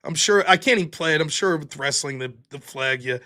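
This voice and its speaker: A man with a high, bright, ringing voice hosts a casual live stream. He rambles through stories, breaks into laughter and swears freely. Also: a little fast. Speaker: livestream host. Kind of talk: casual livestream chat reading chat.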